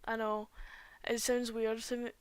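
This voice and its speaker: A young woman streams while drawing, chatting casually and rambling, often trailing off mid-sentence. Her voice is a little high, a little slow, clear, and resonant with a flat delivery, captured dry on a cheap home microphone.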